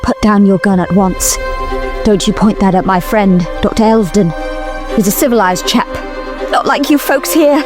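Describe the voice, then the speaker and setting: A woman's voice: mid-range voice, normal speed, over music, close to an everyday voice. A woman voicing a prim, indignant woman doctor who scolds in clipped phrases, in a tabletop horror game.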